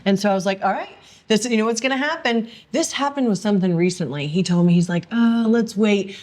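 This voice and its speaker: A woman's voice: medium pitch, a little fast, a little mellow. A woman co-hosting a casual podcast chat, teasing and laughing often. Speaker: podcast co-host.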